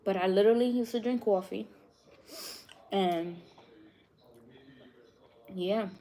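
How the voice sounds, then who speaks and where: Young New York woman vlogger, relaxed and drawn-out, chatty with frequent laughs. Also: medium pitch. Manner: laughs often, chatty, drawn-out slow speech. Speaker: vegan cooking vlogger. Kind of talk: casual chat with live viewers.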